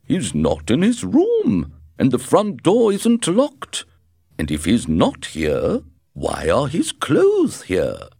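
A puzzled innkeeper husband from a storybook talks in a raised, urgent voice, as a man puts him on. His words come slowly. The sound is dry and close. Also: medium pitch, wildly swooping pitch, vocal fry, warm tone, slightly rough, no echo, voice pushed up, exaggerated voice.

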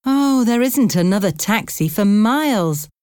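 A friendly Irish cab driver talks in a chatty, reassuring way, as a woman reader puts him on. The voice swings brightly up and down and stays unhurried. It sounds dry and close, with no room around it. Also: medium pitch, animated, clear, resonant tone, no echo, pitched above the performer's own voice, natural voice. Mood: cheerful. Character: friendly middle-aged male Irish taxi driver.

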